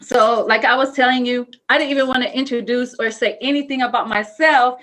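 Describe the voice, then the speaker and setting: A woman's voice: fairly high pitch, fairly even intonation, a little fast, a bit bright, poor audio. A young adult woman from Samoa, a guest on a live-streamed interview, talking in an effusive, grateful way with frequent laughter. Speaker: guest speaker.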